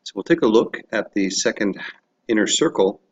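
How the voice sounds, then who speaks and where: A man's voice: fairly low pitch, expressive, normal speed, very noisy. A man giving reflective screencast commentary on his own teaching. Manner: reflective, self-evaluating.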